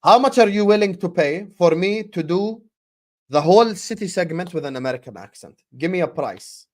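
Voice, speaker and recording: A young man hosting a football transfer stream in casual live chat, animated and slangy, and he repeats his points. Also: high voice, moderate pace.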